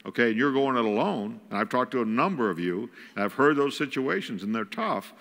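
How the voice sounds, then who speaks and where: A man's voice: medium pitch, expressive, brisk, fairly bright tone, big-room sound. A man giving a folksy, joking talk as a guest speaker in a church. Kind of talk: humorous sermon talk on parenting. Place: church auditorium.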